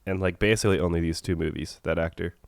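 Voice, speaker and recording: A young man with a head cold and a nasal voice, chatting casually as a podcast co-host with halting restarts. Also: low-pitched, steady tone, creaky, no room sound, clean studio sound. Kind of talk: casual chat.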